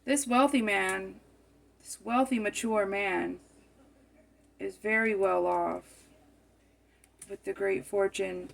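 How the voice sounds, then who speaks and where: Creaky-voiced woman musing through a tarot reading. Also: mid-range voice, steady tone, slow pace, long pauses. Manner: musing, repeats and rephrases herself. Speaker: tarot card reader.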